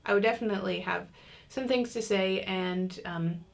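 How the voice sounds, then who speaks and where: A woman with a mid-range voice and some vocal fry talks at a normal speed. She's teaching an online parenting class in a casual, chatty way, full of fillers, and acts out what parents and kids might say, voicing the children's lines herself.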